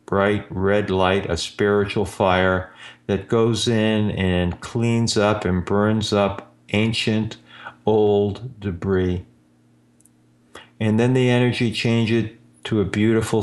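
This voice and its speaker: A man hosting a show as an energy healer, telling a client story in a slow, drawn-out way. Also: fairly low pitch. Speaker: energy healer radio host. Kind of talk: storytelling monologue. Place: Austin, Texas.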